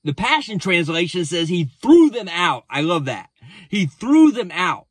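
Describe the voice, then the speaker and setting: A man's voice: high-pitched, sing-song, unhurried, slightly rough, dry recording. A man, a pastor, recapping a sermon in a casual storytelling way with frequent restarts.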